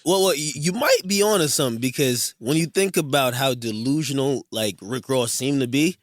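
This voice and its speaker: A man appearing as a podcast guest in casual chat, talking quickly and assertively. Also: medium pitch, no room sound, studio quality.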